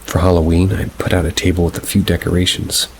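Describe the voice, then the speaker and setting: A man with a very low, deep voice reads submitted paranormal stories aloud. He takes his time over each sentence, in an unhurried, measured way. Faint rain patters behind him. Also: little pitch movement, a little hiss or hum, rough recording. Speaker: narrator. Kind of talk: scripted narration of submitted scary stories.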